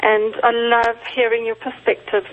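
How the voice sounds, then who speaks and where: A middle-aged woman with a South African accent calls in to a talk show. Her voice sits a little high and she speaks in a polite, appreciative way. The sound is thin and tinny, like a telephone line. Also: monotone, moderate pace. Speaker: caller.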